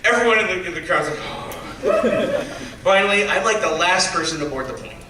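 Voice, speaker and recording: An animated stand-up comedian with a high-pitched voice tells a story fast, acting out other people's lines. He's in a convention panel room before a live audience, recorded on a distant mic in an echoey space with audience noise.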